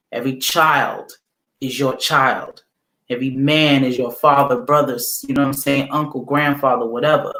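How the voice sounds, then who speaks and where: A man's voice: medium pitch, fairly bright tone. Emphatic man preaching affirmations. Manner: casual slang, direct address to the audience. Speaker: livestream host. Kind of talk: motivational livestream talk.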